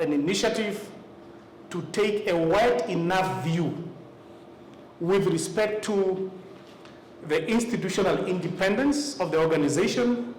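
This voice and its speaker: Speaking to party representatives in a meeting room, a Namibian man from the electoral commission delivers a formal, deliberate presentation with frequent "uh" pauses. His voice sits high and carries a Namibian English accent. The room is echoey, with faint background noise.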